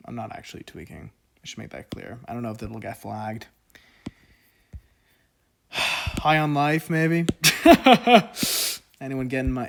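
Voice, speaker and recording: A man teaches economics in a loose, conversational way, often stopping to joke and fill gaps with "okay?" and "uh". He talks slowly through each step, now and then catching a hiccup. A faint hiss sits under the recording. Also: medium pitch. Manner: chatty, joking asides, filler-heavy; slow deliberate explaining. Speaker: economics tutor. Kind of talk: casual whiteboard lesson.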